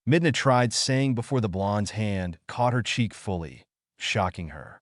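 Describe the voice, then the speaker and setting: Brief: male narrator, animated pitch, close dry recording. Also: measured pace, no echo. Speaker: fan fiction narrator. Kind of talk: story narration.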